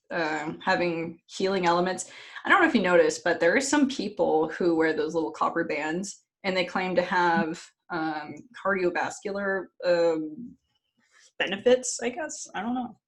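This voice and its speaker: A woman co-hosting a podcast in casual chat, telling a story in an animated, giggly way and swearing freely. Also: lowish voice. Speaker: podcast co-host.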